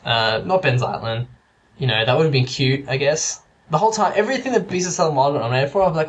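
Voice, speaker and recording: A man's voice: on the high side, lively intonation, fast, lo-fi sound, a little hiss or hum. A man chatting casually about films, rambling with lots of fillers and restarts. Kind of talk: casual chat.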